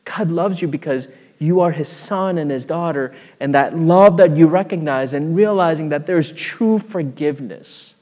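A man's voice: a little high, normal speed. Earnest male preacher in a reverberant hall. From United States. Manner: earnest, storytelling, rises in volume when stirred, drops soft when reflective. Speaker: pastor. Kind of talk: sermon.

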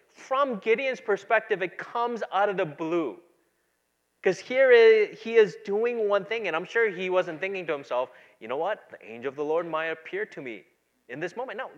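A man with a high voice preaches in a church, keeping it conversational and checking in with the congregation. He acts out quoted lines as he goes. The sound is a little dull and lo-fi. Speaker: pastor. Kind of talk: sermon.

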